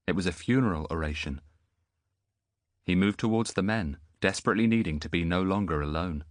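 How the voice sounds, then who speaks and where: Deep-voiced, expressive male audiobook narrator. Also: dry recording, studio quality. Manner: expressive storytelling. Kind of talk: scripted narration.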